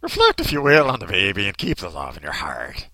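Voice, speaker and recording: Brief: cartoonish Irish-brogue priest, sing-song, over the top, lively lilt, a man doing the voice. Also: on the low side, a little fast, no echo, pitched below the performer's own voice, heavily acted. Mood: gentle. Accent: Irish, exaggerated.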